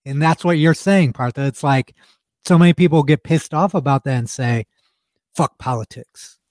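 A man's voice: on the high side, normal speed, darkish tone, dry recording, studio quality. A man co-hosting a podcast in casual chat, speaking bluntly and emphatically and swearing freely. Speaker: podcast co-host.

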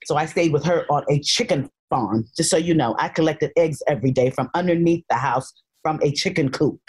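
An older woman speaks as a guest over a remote line. Her voice sits a little low, and she tells stories in a lively, playful, expressive way. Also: brisk, breathy edge. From North Carolina, raised in Harlem. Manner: animated storyteller, playful and expressive. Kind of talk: casual chat.

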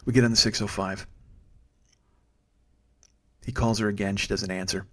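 A man's voice: fairly low pitch, steady tone, normal speed. Blunt, profane male storyteller. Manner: blunt, profane, exasperated retelling. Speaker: storyteller, rideshare driver. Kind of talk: casual storytelling.

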